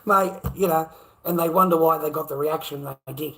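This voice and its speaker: Australian man, slightly high voice, profane livestream rant, mutters then erupts. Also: fairly even intonation, brisk, rough recording. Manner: swearing constantly, swinging from low mutter to loud outbursts.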